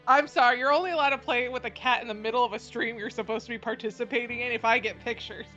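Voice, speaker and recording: A woman's voice: on the high side, fairly even intonation, fairly quick, bright, forceful tone, highs cut off, faint music behind. A woman co-streamer chatting casually, teasing the others and giggling often.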